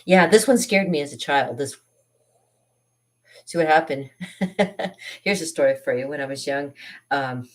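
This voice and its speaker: A woman, a party artist, chatting casually on a live stream from her studio, rambling and laughing between phrases, with sudden jumps up in pitch when she gets excited. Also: unhurried, pauses often.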